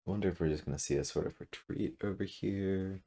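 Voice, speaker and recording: A man commentating his own game at his computer, thinking out loud, correcting himself and trailing off with fillers, seated a little back from a desk mic. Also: sits low. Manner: musing, self-correcting, halting with fillers. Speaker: gameplay commentator. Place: room at a computer. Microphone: desk mic, sitting back from it.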